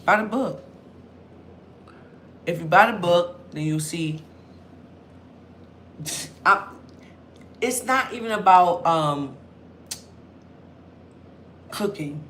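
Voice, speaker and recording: A young woman vlogger, chatting loudly and telling stories straight to camera. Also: on the low side, expressive, slow pace, pauses often, a little hiss or hum. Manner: loud, chatty storyteller. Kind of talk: casual talk to camera.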